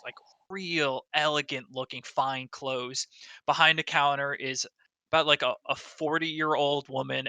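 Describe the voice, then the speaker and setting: A man narrating a tabletop game as game master, descriptive and quick to laugh, recorded over a video call. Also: mid-range voice, pushed and bright, dry recording.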